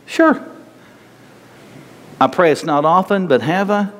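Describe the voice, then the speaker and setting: A man's voice: a little high, a little fast. Emphatic older male pastor, echoing hall. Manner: emphatic, repetitive, rhetorical questions to congregation. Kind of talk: sermon. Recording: long reverb of a large hall.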